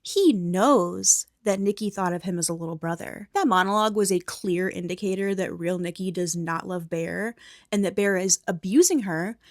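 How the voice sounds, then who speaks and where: The young ASMR movie recap host speaks at a lowish pitch and normal speed, gliding between quiet speech and breathy whispers. She's casual and frank, with a bit of swearing, and the sound is close and dry without room ambience.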